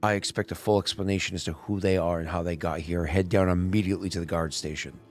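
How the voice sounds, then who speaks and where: A man's voice: low voice, fairly even intonation, fast, pitched below the performer's own voice. A man voicing an indignant noble father who barks commands.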